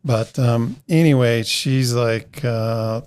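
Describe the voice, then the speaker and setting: Speaking slowly in a mid-range, darkish, clean-toned voice, a middle-aged podcast guest rambles through a long story. He chats casually, re-enacting the conversations by voicing what each person said.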